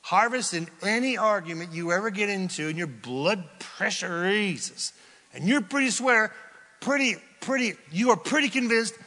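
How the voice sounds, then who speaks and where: A male pastor giving a sermon, telling a story with animated delivery and questions to the congregation. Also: sits high, moderate pace, long reverb tail. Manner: animated storytelling, acts out quotes, asks the crowd questions.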